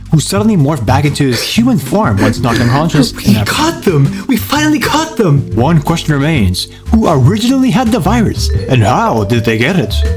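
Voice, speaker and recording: A man doing a voice-over as a mock detective, with a dramatic, over-the-top noir delivery. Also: medium pitch. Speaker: narrator. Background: music.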